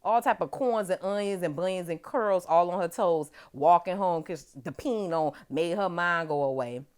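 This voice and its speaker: A woman hosting a casual TV episode recap, animated and chatty and swearing freely. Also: lowish voice, moderate pace, clean tone. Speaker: host of a TV recap show.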